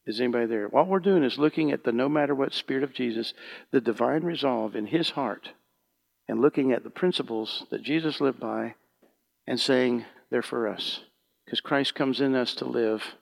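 A man preaching a sermon as pastor, shifting from hushed prayer to loud fervent calls to the congregation. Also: medium pitch, moderate pace, gravelly.

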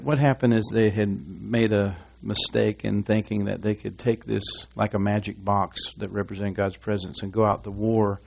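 A man's voice: fairly low pitch, gravelly, a little mellow, slight background noise. A man preaching a sermon in a church, rambling and folksy with asides and restarts, reading scripture aloud to his congregation. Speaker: pastor.

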